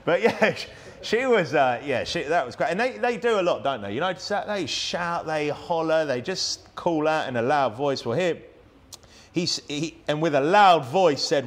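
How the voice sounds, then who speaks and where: A man's voice: a little high, animated, normal speed. A man with a British accent preaching a sermon in a church, talking conversationally with frequent restarts and tag questions. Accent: British English. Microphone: plugged-in microphone.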